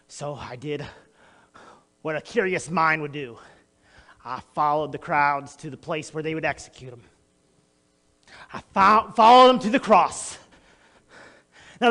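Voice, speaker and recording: A man's voice: a little high, bright, forceful tone, heavily acted. A man acting a notorious, boastful male criminal in a theatrical monologue, addressing the audience directly. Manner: boastful, erratic, talks straight to the audience. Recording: long echoey hall reverb.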